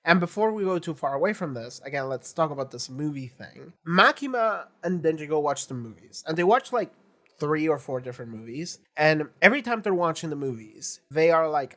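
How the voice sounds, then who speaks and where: A man's voice: a little high, brisk. A man rambling through casual reaction commentary, retelling scenes and thinking aloud as he goes. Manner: animated storytelling, acts out quotes. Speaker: reaction video host.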